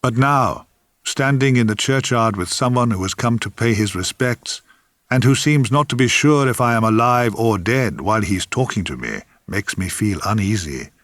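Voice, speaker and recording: A man's voice: lowish voice, normal speed, a bit bright, no room sound. An older man reading his own memoir aloud with a dry, wry, theatrical storytelling manner. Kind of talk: memoir audiobook narration.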